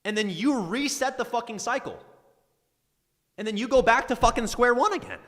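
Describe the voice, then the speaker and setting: A man's voice: extremely high pitch, expressive, normal speed, a bit bright, big-room sound. A man who mentors traders, ranting intensely on a live stream as he answers viewer questions, swearing often and stumbling over restarts.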